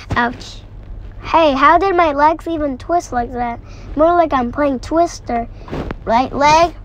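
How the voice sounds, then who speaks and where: Woman gamer, sick, high voice, unhurried rambling let's-play chatter. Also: slight background noise, rough recording. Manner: rambling, excitable, repeats phrases.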